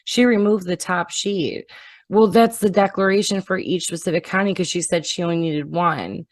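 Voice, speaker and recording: A woman's voice: fairly low pitch, steady tone, moderate pace, dry recording. A woman chatting casually on a podcast, bluntly and indignantly retelling a confrontation, with swearing.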